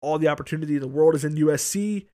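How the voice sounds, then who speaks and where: A man co-hosts a sports podcast into a podcast microphone, his fairly high, warm voice racing along as he chats casually, rambles, repeats words and swears freely.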